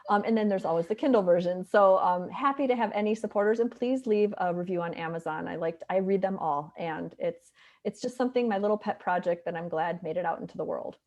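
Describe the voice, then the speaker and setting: A middle-aged woman with a Wisconsin accent and a nasal voice, a physician and author, chats upbeat as an interview guest over a remote call. Her pitch is fairly low, her tone darkish, and her delivery brisk in this casual interview talk.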